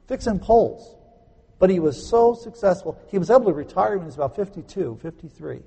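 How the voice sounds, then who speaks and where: Male preacher, slightly high, mellow raspy voice, conversational sermon with sharp loud stresses. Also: big pitch swings, brisk. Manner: emphatic, swings between loud stresses and quiet asides; conversational, explains grammar with homely examples. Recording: echoey hall.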